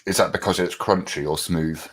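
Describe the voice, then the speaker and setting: An English man with a low-pitched voice, joking his way through a casual panel chat. He is chatty and laughs often. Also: steady tone, fairly quick, fairly bright tone. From England. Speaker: panel speaker.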